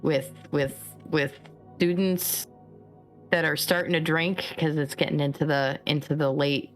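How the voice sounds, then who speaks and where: A woman narrating as game master of a tabletop game, relaxed and rambling with many fillers. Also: low-pitched, measured pace, soft background music.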